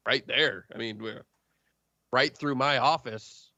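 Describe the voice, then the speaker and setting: A man narrating a tabletop game as game master, halting with many fillers. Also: mid-range voice, pushed and bright, no echo. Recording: dull lo-fi stream audio.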